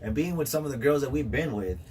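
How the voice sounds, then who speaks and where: A man's voice: mid-range voice, lively intonation, quick pace, a little mellow, slightly rough, recorded from a distance, faint music behind. A man in casual chat, laid-back, throwing in slang and short reactions.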